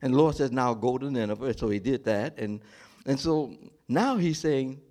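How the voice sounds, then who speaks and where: Animated preacher, man with lively voice. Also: mid-range voice, moderate pace. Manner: animated preaching with call-and-response questions to the congregation; acts out the prophet and God in dramatic voices. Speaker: pastor. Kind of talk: sermon.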